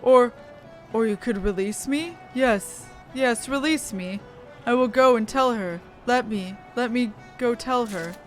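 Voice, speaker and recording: A woman voicing a dazed, haunted young man in a video game, speaking in halting, repeated phrases. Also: a little high, faint music behind, close to an everyday voice. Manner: halting, dreamy, repeating himself. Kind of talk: reading game dialogue aloud.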